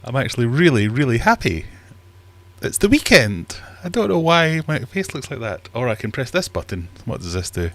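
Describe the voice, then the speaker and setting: Chatty man, lively pitch. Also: normal speed, dry recording. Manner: chatty, jokey, self-mocking. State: a bit out of breath. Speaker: livestream host. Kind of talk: casual live chat. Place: home fish room.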